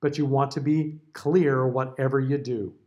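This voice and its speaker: A man's voice: mid-range voice, fairly even intonation, moderate pace, a little mellow, muffled recording. An American man giving a classroom diction lecture, carefully over-enunciating example words. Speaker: diction teacher.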